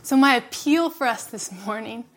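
A woman giving a reflective devotional sermon, laughing softly between phrases and dropping to a hush for emphasis. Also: a little high, lively intonation, normal speed, slight background noise. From California. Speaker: preacher.

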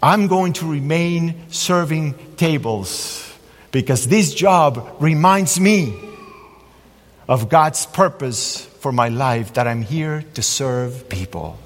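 A fairly high-voiced man delivers a sermon, shifting into lively storytelling as he preaches. His voice rings out with a long reverb from a large church hall. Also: slow. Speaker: pastor.

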